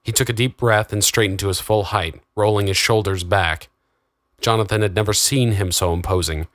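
Male audiobook narrator, low voice, dry close recording, steady dramatic reading. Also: moderate pace, no room sound. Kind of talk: scripted narration.

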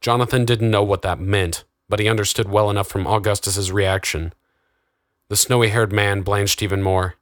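A man reading a fantasy novel aloud in steady, dramatic narration. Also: fairly low pitch, normal speed, no echo, clean studio sound. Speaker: audiobook narrator. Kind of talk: scripted narration.

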